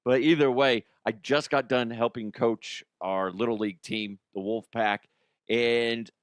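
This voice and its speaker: A man's voice: medium pitch, steady tone, a little slow, no echo. A middle-aged man hosting a solo comedy podcast, rambling and self-mocking as he tells stories and laughs at his own jokes. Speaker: podcast host.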